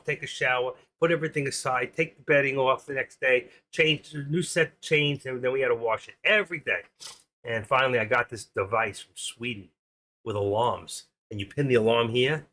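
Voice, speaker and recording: Chatty older man with a bright voice. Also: medium pitch. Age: 60s. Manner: chatty, opinionated, jumps between stories and market numbers. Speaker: live stream host. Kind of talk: rambling live-stream chat.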